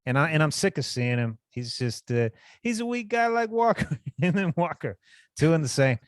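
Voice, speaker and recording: A man's voice: a little high, sing-song, normal speed, no room sound, studio quality. A man co-hosting a casual podcast, ranting bluntly and cursing a lot. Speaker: podcast co-host. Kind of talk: casual chat.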